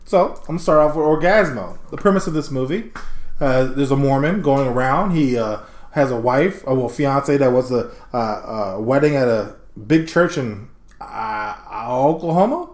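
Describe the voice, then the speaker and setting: A man's voice: mid-range voice, moderate pace, echoey room. A man co-hosting a casual podcast, playful, joking and laughing often. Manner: playful, laughs a lot, swearing freely. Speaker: podcast co-host. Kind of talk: casual chat.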